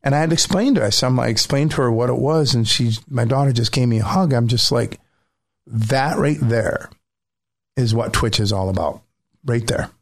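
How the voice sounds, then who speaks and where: Here a guest on a stream spins an emotional, animated tale in casual chat, often breaking off and starting over. His voice is mid-range and his speed is normal.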